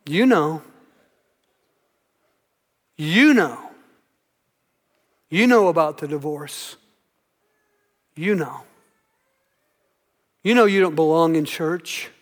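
A man voicing a low, sly accusing Satan. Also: expressive, extremely slow, long pauses. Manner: low, insinuating, repetitive. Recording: echoey hall reverb.

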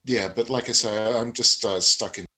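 A man's voice: on the low side, steady tone, moderate pace, sharp tone, low-quality recording. A man who paints miniatures for a living, chatting hesitantly on a podcast and restarting his sentences often. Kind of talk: casual podcast chat.

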